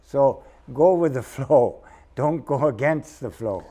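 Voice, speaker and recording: A man talking as a guest on a discussion show, measured and hesitant, often repeating small words. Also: mid-range voice, lively intonation, mellow.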